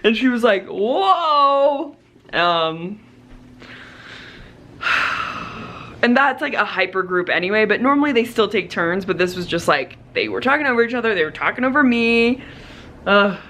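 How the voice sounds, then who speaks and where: A woman's voice: medium pitch, animated, brisk, a bit bright, slight background noise. A young woman vlogging casually, rambling about her day with lots of fillers. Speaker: vlogger and teacher. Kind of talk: casual vlog chat.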